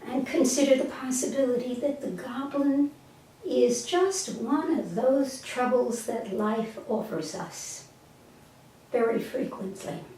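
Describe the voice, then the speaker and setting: A woman telling a parable slowly and gently and then reflecting on its spiritual meaning, with a few small stumbles, recorded from a distance in an echoey room. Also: sits high, a little hiss or hum. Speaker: storyteller and teacher. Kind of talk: slow storytelling and spiritual teaching. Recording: echoey room, mic far off.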